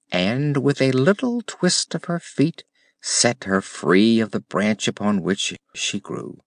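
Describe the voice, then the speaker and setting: A man narrating a classic children's fantasy audiobook in a measured storytelling manner. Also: on the low side, no echo, clean studio sound. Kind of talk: scripted narration.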